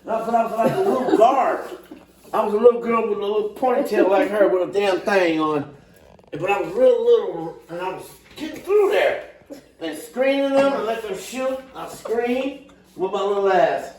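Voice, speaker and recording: A man's voice: high voice, sing-song, normal speed, a little mellow, roomy sound. An older man telling a casual story, laughing often and acting out the voices of others.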